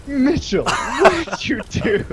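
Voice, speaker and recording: A man putting on the voice of a woman, a high school drama teacher, alarmed and scolding. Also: sing-song, slow pace, background noise, exaggerated voice. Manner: shrill, scolding.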